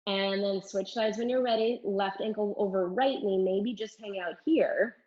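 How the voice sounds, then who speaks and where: A woman's voice: medium pitch, moderate pace, darkish tone. Upbeat woman cueing a Pilates class. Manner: upbeat counting and cueing while doing the moves. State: strained from exercising along. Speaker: Pilates instructor. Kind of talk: live online fitness class cueing. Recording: slightly dull lo-fi stream audio.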